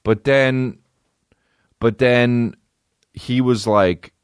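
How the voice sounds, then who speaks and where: A man's voice: medium pitch, steady tone, drawn-out words, clean tone, dry recording, studio quality. A man in his thirties hosting a podcast, telling rambling, profane, self-deprecating stories in a casual comedic way. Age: 30s. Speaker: podcast host.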